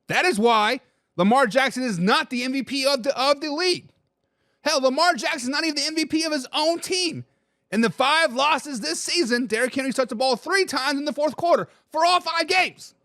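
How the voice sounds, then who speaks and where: A man hosting a casual sports livestream, reading viewer comments aloud in an excitable way and repeating his own lines. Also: very high voice, brisk, no echo, studio quality. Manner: swears casually, addresses chat as guys. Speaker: livestream sports talk host.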